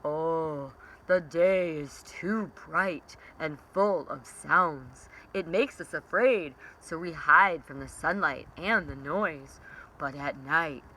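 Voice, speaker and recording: Sleepy timid sloth in a storybook, read by a woman, slow and hushed, bright tone. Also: low-pitched, distant mic, heavily acted, low-quality recording. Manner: slow, soft and drowsy.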